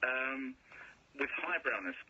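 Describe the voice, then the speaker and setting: A man calling in to a radio show, joking in a dry, deadpan way. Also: medium pitch, takes it slowly, crowd noise. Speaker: phone caller. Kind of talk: phone-in chat. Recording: muffled phone line.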